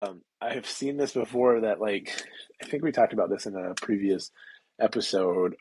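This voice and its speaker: A man's voice: fairly low pitch, moderate pace, darkish tone, slightly rough, dry recording, low-quality recording. A man co-hosting a podcast, chatting casually in an easygoing, agreeable way and moving the show along. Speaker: podcast co-host.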